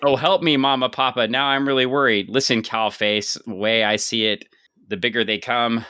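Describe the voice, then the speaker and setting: A man's voice: on the low side, flat delivery, measured pace, bright, forceful tone, clean tone, dry recording, clean studio sound. A man reading the lines of a brutish, mocking alien bounty hunter from a comic, in a taunting voice. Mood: mock-scared. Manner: sneering, taunting.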